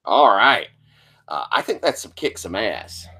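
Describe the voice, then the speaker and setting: A man running a tabletop game as its master describes the action loosely and on the fly, filling gaps with easy fillers. His voice is bright and forceful yet on the low side, husky and sing-song, and his pace is a little slow.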